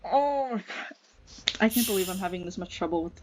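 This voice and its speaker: A woman's voice: mid-range voice, lively intonation, quick pace, background noise. A young woman playing a video game, frustrated, swearing and laughing at her own failures. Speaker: gamer. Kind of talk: casual gameplay commentary. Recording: dull lo-fi mic with game music. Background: game music.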